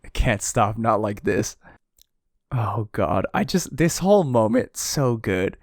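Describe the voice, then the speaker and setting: A man co-hosting a casual podcast chat, excitable, laughing often and acting out quotes. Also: fairly low pitch, slow, dry recording, clean studio sound. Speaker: podcast co-host. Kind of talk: casual chat reviewing a chapter.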